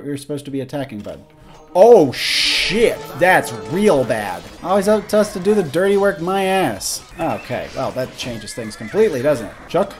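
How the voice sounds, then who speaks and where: A young man hosting a let's-play, commentating excitedly, swearing and exclaiming as he plays. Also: fairly high pitch. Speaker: gaming video host.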